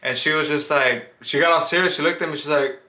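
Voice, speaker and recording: A young man co-hosting a couple's Q&A in casual chat, rambling and repeating himself with halting restarts. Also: a little high, fairly even intonation, bright, forceful tone. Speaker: co-host of couple Q&A. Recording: echoey room.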